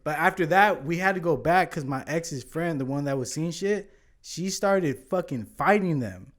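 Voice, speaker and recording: A man's voice: a little high, normal speed. A man casually telling a long story on a podcast, swearing often and acting out what people said. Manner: animated, swears often, acts out quotes. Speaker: podcast guest.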